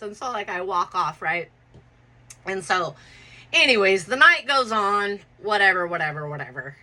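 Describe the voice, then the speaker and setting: A woman in her forties telling a personal story in a loose, profane, animated way, acting out what people said. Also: medium pitch, normal speed, low-quality recording. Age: 40s. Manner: profane, animated, acts out quotes. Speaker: podcast host. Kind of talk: casual storytelling.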